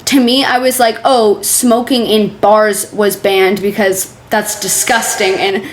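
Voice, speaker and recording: A woman's voice: mid-range voice, fairly even intonation, takes it slowly. A young woman streamer reacting to forum posts, reading them aloud in a casual, sarcastic way that is full of laughter and swearing. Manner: chatty, sarcastic, swears freely, laughs often.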